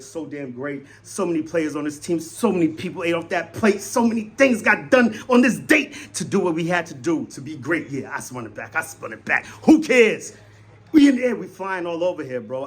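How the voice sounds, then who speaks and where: A young man excitedly talking through a game as a fan vlogger, swinging between loud hype and low muttering. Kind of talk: postgame fan commentary.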